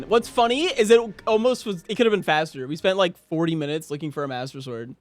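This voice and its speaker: A man with a high voice chatting casually with his viewers while he plays a game. He jokes constantly, slipping into low mumbles and then breaking into high-pitched yelps and laughter. Faint music plays underneath. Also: sing-song, moderate pace, dry recording. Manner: joking, swings from mumbling to high shouts, frequent laughter. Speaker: streamer. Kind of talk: casual livestream chat while gaming.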